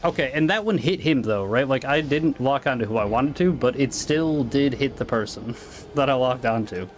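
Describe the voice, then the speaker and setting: A man's voice: mid-range voice, lively intonation, moderate pace, a little hiss or hum. An American man streaming a game live, chatting loosely and answering viewers in asides. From United States. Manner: rambling, reacting to chat with asides. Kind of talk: casual live-stream chat while gaming.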